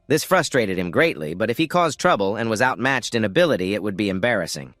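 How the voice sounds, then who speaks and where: A man narrating a storybook recap with steady storytelling. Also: lowish voice, fast talker, few pauses, dry recording, clean studio sound. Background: faint music.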